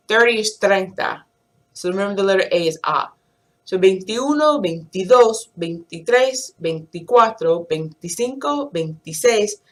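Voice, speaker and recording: A female Spanish teacher runs a language lesson slowly and deliberately in a medium-pitched voice. She explains in English, then counts numbers aloud and quizzes them, pronouncing each clearly and carefully.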